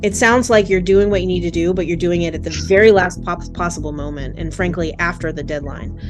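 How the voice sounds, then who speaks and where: Lady judge laying down the law, low voice, stern and firm, music playing under it. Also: fairly quick. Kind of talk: court hearing.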